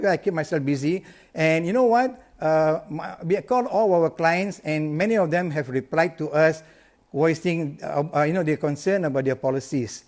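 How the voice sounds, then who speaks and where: Energetic man coaching sales. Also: fairly high pitch, normal speed. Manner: energetic, emphatic, repeats key lines. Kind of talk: motivational live talk.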